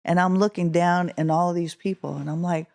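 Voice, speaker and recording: A woman's voice: brisk, creaky. A middle-aged woman from Oakland, California, a guest musician telling a story in an interview, acting out the quotes with a rising voice. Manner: animated, acts out quotes with rising pitch.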